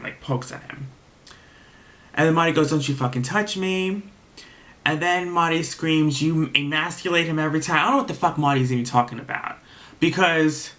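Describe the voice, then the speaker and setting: A man with a bright, slightly higher voice recaps a reality TV episode in a loose, chatty way. He swears freely and gets animated as he retells the drama. He slips into the cast's quoted lines as he goes.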